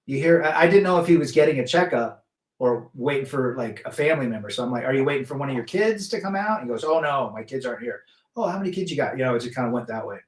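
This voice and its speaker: A man's voice: medium pitch, lively intonation, quick pace, echoey room. A man hosting a casual live stream, chatting loosely and reading viewer comments aloud, with frequent restarts. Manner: rambling, many restarts, reads chat aloud.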